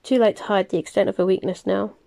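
Gravelly, mellow-voiced woman reading aloud. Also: mid-range voice, steady tone. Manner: plain, unhurried reading with small slips and self-corrections. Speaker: reader. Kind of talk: audiobook-style novel reading.

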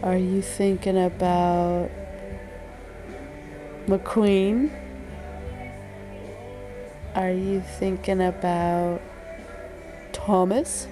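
A young mother talking softly to her sick son, coaxing him with gentle, sing-song questions. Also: fairly low pitch, steady tone, very slow, pauses often, music in the background. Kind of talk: tender talk to a sick child.

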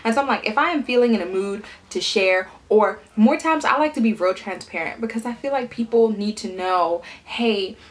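A young woman vlogger chats casually and tells stories while eating, doing the voices of the people she quotes. Her voice sits at a medium pitch, moving at a normal speed with few pauses.

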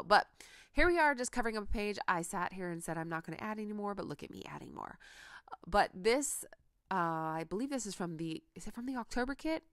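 A woman's voice: mid-range voice, a bit bright. A woman talking casually in a crafting vlog, chatty and gushing with lots of fillers, working at a craft table at home. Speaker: crafting vlogger.

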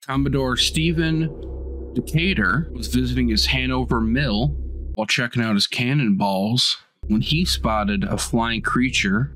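A man hosting a podcast, telling a folk legend in a steady, matter-of-fact way between jokes with his co-hosts. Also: mid-range voice. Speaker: podcast host. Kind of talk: storytelling narration with banter.

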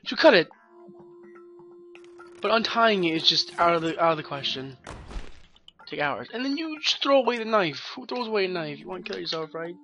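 A young man rambles through a let's play, sarcastic and quick to swear. His voice is bright and sharp, and the recording sounds dull and muffled. Faint game music runs underneath. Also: sits high, sing-song. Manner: joking, swears often, rambling. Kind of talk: profane sarcastic game commentary.

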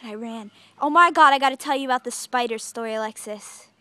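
A young woman chatting playfully with a friend outdoors, narrating what happens and telling an animated story. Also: a little high, fast, dry recording. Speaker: friend filming a home video. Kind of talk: casual chat between friends. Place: outdoors on a tree swing.

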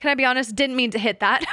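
A woman streaming a game, chatting with her audience in a giggly, excitable way full of crude jokes. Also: sits high, no echo, clean studio sound. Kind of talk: casual live-stream chat.

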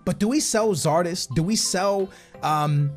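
A man commentating his own soccer video game, hyped and shouting at big moments, muttering quietly in between. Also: high-pitched, slow, faint music behind. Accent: American. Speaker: gaming YouTuber. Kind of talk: excited gameplay commentary.

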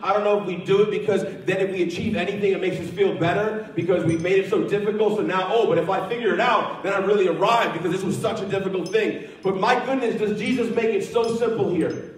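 A man's voice: sits high, fast talker. A man preaching a sermon as pastor, earnest and repeating phrases with frequent restarts. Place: church sanctuary. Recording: echoey church hall, mic at a distance.

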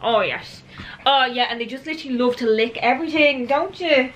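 A woman's voice: sits high, a little fast, a bit bright, a little hiss or hum. A young woman vlogging at home, cooing at her dog in gushing baby talk and chatting to the camera. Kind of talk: casual vlog chat.

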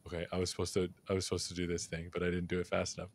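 A man's voice: deep voice, monotone, very fast, a little hiss or hum. A man hosting a live tech show, chatting playfully and joking with his guest before and during the intro. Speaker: show host. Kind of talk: livestream chat and hosting.

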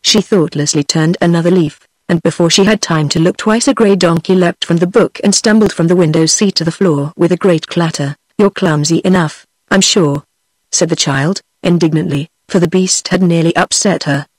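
A text-to-speech voice of a woman with a British accent, narrating a fairy-tale audiobook in an even, steady way. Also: fairly low pitch, fairly quick, hardly any pauses, no echo.

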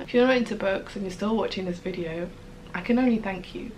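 A young woman talks casually to camera at home, gushing and excitable about what she's reading. Her voice sits at a middling pitch and now and then drops to a soft whisper. A faint hiss of room noise sits under the recording. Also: brisk, rough recording. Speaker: book vlogger. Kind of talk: casual vlog chat.

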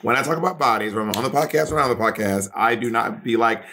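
A man's voice: medium pitch, quick pace, creaky, bright, forceful tone, slight background noise. A man co-hosting a podcast in casual chat, insistent and repeating his points as he argues. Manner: insistent, repeats himself while arguing. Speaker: podcast co-host.

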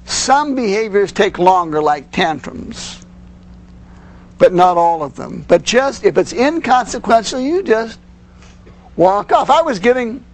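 A man's voice: high voice, animated, a little slow. A man giving a lecture to parents on handling children's behavior, earnest and explanatory, often adding "you see". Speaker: parenting instructor.

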